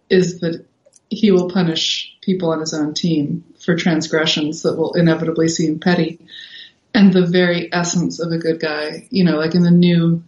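A woman talking through ideas in casual conversation as a guest, thinking aloud with many fillers. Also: fairly low pitch. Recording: roomy, dull lo-fi sound.

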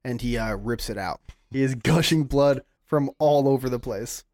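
A man's voice: mid-range voice, moderate pace, a little mellow, no room sound. A man running a tabletop game as game master, describing the action vividly and often breaking into laughter.

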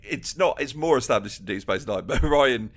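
A man co-hosting a casual podcast chat, wry and quick to laugh. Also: medium pitch, expressive. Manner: wry, laughs often between remarks. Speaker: podcast co-host.

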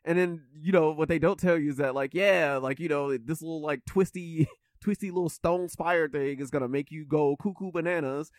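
A man's voice: fairly high pitch, moderate pace, dry recording, studio quality. A man co-hosting a podcast, chatting casually and comedically, rambling with lots of fillers and frequent laughter. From British. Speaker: podcast co-host.

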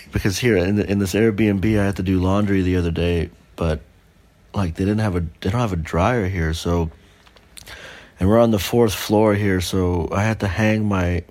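A Canadian man guesting on a podcast, rambling softly through a story. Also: low-pitched. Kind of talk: casual chat.

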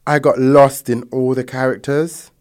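A man's voice: medium pitch, level tone, measured pace, a little mellow, clear, resonant tone. A man talks in a casual podcast conversation, blunt and emphatic. He swears freely and presses his points hard. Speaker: podcast guest. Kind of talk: casual chat.

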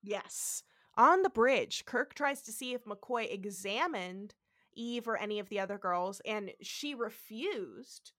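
Woman, podcast co-host, casual chatter, bright sharp tone, fillers, laughs easily. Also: medium pitch, animated, slow pace. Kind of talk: casual podcast chat recapping a TV episode.

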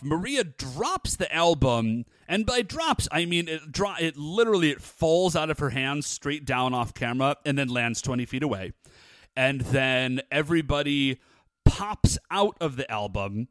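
A man co-hosting a podcast, recapping a TV episode in casual chat with animated, enthusiastic storytelling. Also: medium pitch, no echo. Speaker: podcast co-host.

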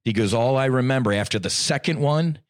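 A middle-aged man telling a personal story in casual podcast talk. He is animated and slangy, and his voice swings between loud bursts and hushed asides. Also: mid-range voice, a little fast, dry recording, studio quality. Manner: slangy, says "dude" and "I'm like". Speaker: podcast guest.

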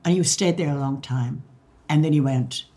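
Lively older Irish woman telling stories. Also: low-pitched, moderate pace. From Ireland. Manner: lively storyteller who acts out quoted dialogue and laughs. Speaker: interviewee. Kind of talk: recounting personal memories.

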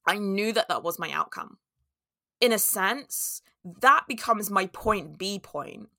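Bright-voiced woman, candid storytelling. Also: mid-range voice, animated, slow, no echo, studio quality. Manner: candid and storytelling, with laughs and acted-out inner voices. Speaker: podcast host. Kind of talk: reflective solo talk.

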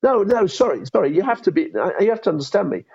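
Gravelly fifty-something man, dull lo-fi sound. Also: high-pitched, very animated, fast talker, darkish tone. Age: 50s. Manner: reflective, with frequent restarts. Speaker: guest, former law firm CEO. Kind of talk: interview conversation.

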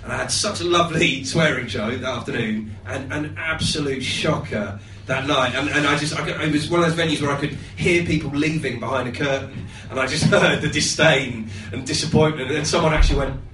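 A man's voice: a little high, brisk. A man who is a comedy guest, telling anecdotes casually and laughing often. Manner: animated storyteller, laughing often. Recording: roomy, distant, faint noise.

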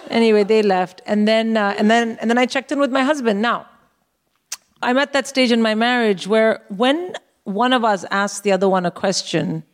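A middle-aged woman co-hosting a live comedy show, telling a story in a wry, animated way and acting out the dialogue on stage. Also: on the high side, normal speed. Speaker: comedian co-host. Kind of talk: stand-up storytelling.

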